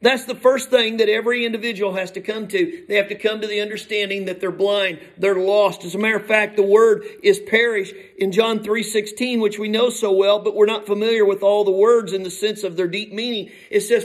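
High-voiced man preaching a sermon. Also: steady tone, normal speed, few pauses, poor audio. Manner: emphatic preaching, swinging from soft to shouted.

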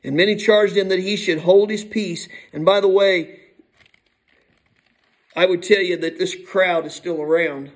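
Male preacher, high voice, emphatic sermon delivery, soft to shouting. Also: steady tone, a little slow, long pauses, rough recording.

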